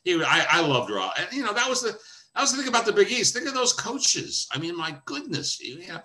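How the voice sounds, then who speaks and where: This older man, a longtime sportscaster, has a high-pitched voice and talks a little fast. Appearing on a video call as a guest, he shares animated, wry anecdotes.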